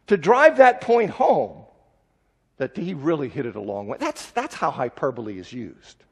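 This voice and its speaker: Husky high-voiced preacher in a hall. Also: male voice, sing-song, moderate pace, fairly bright tone. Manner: urgent, exhorting, direct address to congregation. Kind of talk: sermon. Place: church sanctuary. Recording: long echo in a large hall.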